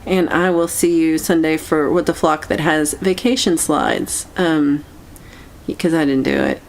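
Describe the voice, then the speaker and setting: A woman hosting a casual livestream chat, meandering and halting as she reacts to viewer comments. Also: low voice, fairly even intonation, creaky. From United States. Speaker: livestream host.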